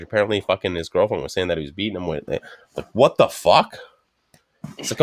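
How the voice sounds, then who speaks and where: A man's voice: on the low side, expressive, a little fast, long pauses, no echo, studio quality. Profane, rambling man telling stories. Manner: profane, rambling anecdotes with frequent swearing; acts out quoted speech of others. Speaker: podcast co-host. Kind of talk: casual chat, storytelling.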